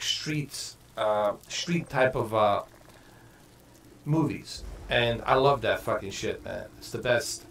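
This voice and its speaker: A male gaming streamer chats casually while playing, rambling and swearing freely with plenty of fillers and restarts. His medium-pitched voice has a fairly bright tone, and there's a little hiss or hum in the background.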